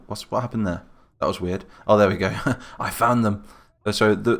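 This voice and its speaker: A man hosting casual, chatty game commentary, getting excited and calling out to the troops as he plays. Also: lowish voice, a little hiss or hum. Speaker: gaming channel host. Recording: game gunfire and explosions behind voice.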